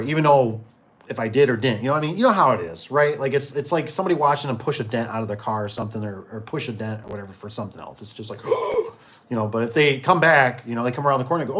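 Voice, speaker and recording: A man's voice: mid-range voice, fast, a bit bright. A man who runs a garage door business, telling work stories in a casual, rambling way with many fillers and restarts. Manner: rambling, full of fillers and restarts, acts out quotes. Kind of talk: casual storytelling chat.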